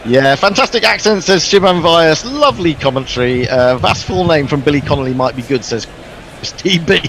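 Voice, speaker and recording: A man's voice: on the high side, expressive, brisk, a bit bright, a little hiss or hum. A man hosting casual cricket commentary, hesitant with many ums, reading out listener messages.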